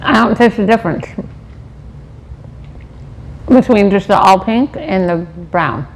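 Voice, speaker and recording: A woman's voice: medium pitch, lively intonation, unhurried, slight background noise, poor audio. A woman chatting casually while taste-testing snacks, with short murmured reactions, now and then reading labels aloud. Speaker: co-host tasting snacks.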